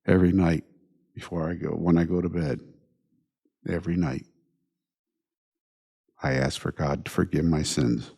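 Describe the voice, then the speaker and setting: A man hosting his own podcast, talking through his thoughts in an unhurried monologue and repeating his points through rhetorical questions. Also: low-pitched, fairly even intonation, creaky, warm tone, slightly rough. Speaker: podcast host. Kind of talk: reflective monologue.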